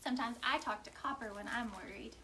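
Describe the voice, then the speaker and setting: A woman children's librarian reading a picture book aloud at storytime, with an animated, sing-song delivery. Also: fairly high pitch, fairly quick, a little hiss or hum. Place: library storytime recorded at home or library.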